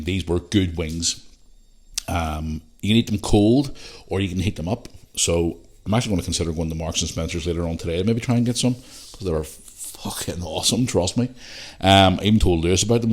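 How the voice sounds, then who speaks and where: A middle-aged Northern Irish man hosting a podcast, telling a rambling, sweary story and talking to his listeners as guys. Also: deep voice. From Northern Ireland. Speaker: podcast host. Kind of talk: casual storytelling chat.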